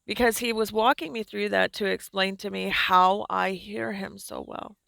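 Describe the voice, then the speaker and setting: A woman giving slow, earnest, soft-spoken devotional teaching as a Christian speaker. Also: mid-range voice, steady tone, creaky, no echo.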